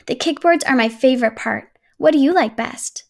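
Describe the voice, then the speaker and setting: Give me a woman playing an eager little girl in a picture book, cheerful and high, with slight fry. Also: moderate pace, a little mellow.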